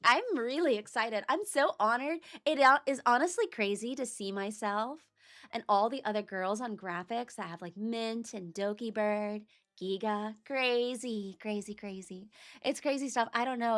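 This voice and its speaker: A woman's voice: a little high, normal speed, fairly bright tone. A woman streamer chatting casually on a livestream, talking to herself as she searches for files. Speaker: VTuber streamer.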